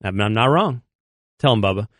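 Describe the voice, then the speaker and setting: Male sports radio host with a bouncy, expressive voice, sarcastic and combative, dry close sound. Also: fairly low pitch, brisk, no echo.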